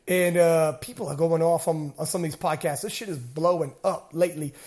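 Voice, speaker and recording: High-voiced excitable podcast host, a man. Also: brisk. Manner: animated storytelling, acts out shouted quotes; swears freely. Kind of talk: casual chat.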